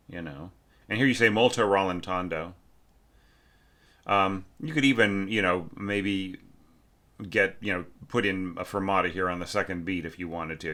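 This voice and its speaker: Deep chatty man giving feedback on a score. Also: pushed and bright. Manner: chatty and emphatic, sings phrases aloud to demonstrate. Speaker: orchestration teacher. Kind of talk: casual spoken feedback on a student's score.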